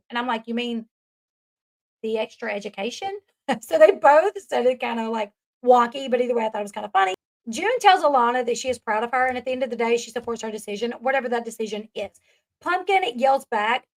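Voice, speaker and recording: A woman's voice: high voice, lively intonation, a little fast. A woman recapping a reality show in a chatty, casual way, often laughing at the scenes she retells. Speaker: commentary host.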